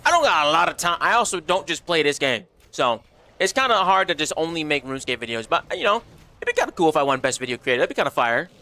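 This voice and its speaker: Bright, animated young male streamer. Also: fairly high pitch, fast talker. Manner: animated, slangy, reads chat aloud. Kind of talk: casual livestream chat.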